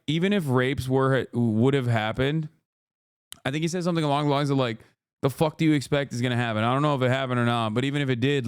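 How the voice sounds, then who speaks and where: A man's voice: mid-range voice, clear, resonant tone, dry recording, studio quality. A man streaming and reacting to clips in a heated, profane rant, laughing now and then between points. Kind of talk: casual reaction commentary.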